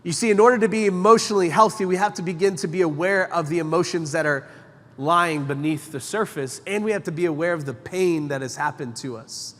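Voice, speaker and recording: A man's voice: fairly high pitch, fairly quick. A male pastor giving an emphatic, conversational sermon, asking the congregation direct questions. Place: church sanctuary. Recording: long church hall reverb.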